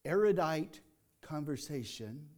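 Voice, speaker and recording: Older guy pastor preaching, folksy chatty sermon, kinda high voice, gets loud then soft. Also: expressive, takes it slowly. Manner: folksy, conversational preaching with swells of emphasis.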